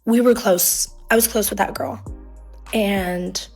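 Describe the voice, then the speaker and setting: A woman's voice: medium pitch, takes it slowly, vocal fry, darkish tone, faint music behind. A young woman telling a personal story in a casual, rambling way, dropping "like" constantly as she relives the drama. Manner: rambling, heavy use of "like", emotional retelling.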